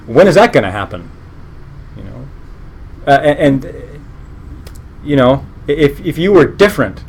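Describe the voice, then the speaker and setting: A man's voice: medium pitch, very animated, unhurried, vocal fry, long pauses, a little mellow, slightly rough. A man teaching a live meditation class in an earnest, conversational way, breaking off and restarting his sentences and adding joking asides. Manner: conversational, earnest, self-interrupting.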